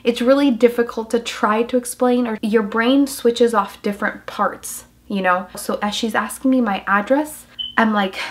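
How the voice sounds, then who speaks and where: A young woman vlogging as a mother, telling a personal story in an emotional, halting way with many fillers. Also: a little high, a bit bright. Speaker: mom vlogger.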